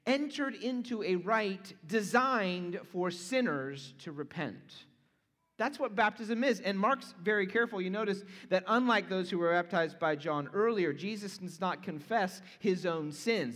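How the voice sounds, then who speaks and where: A man with a high-pitched voice delivers an earnest sermon, now and then falling to a hushed near-whisper for emphasis. His words ring out with a long reverb, as in a large church sanctuary. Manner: earnest preaching, drops to hushed tones for emphasis. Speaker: pastor.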